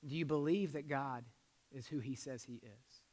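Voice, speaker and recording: A male pastor preaching a sermon in a conversational way, shifting between loud emphasis and soft asides and leading the congregation in call-and-response. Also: medium pitch, normal speed. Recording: long hall reverb.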